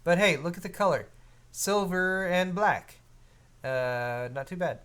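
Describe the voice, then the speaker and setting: A man with a slightly high voice co-hosts a live hardware stream. He reads viewer messages and answers them in a loose, chatty way, full of small restarts. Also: unhurried, clear, resonant tone. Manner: relaxed, reads viewer donations aloud; frequent fillers and restarts, conversational. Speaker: co-host of a hardware show. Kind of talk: casual live-stream chat.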